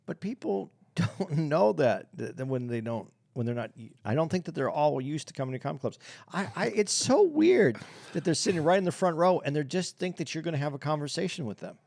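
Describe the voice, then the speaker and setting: Relaxed man with a dry, close voice. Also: a little high, brisk, vocal fry, hardly any pauses, no echo. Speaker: podcast co-host. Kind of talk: casual comedy podcast banter.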